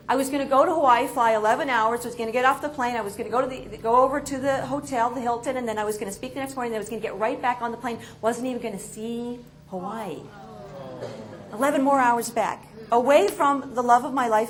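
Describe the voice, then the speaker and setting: A woman tells a story to an audience in an animated, expressive, self-mocking way. Her voice sits a little high, and faint ambient noise sits behind her. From New York. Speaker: motivational speaker.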